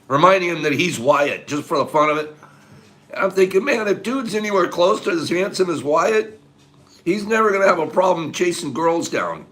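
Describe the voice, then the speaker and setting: Male host, high and lively voice, rambling casual chat, chuckly and sentimental. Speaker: host of a morning show.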